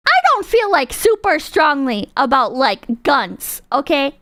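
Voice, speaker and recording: Lively high-voiced woman streamer, swearing freely. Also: a little slow, no room sound. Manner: rambling, profane, laughs often. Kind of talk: casual reaction chat.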